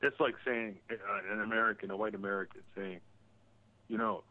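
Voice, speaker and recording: A man's voice: lowish voice, fairly even intonation. Man on a tinny phone line. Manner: halting, repeats words. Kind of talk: casual political talk.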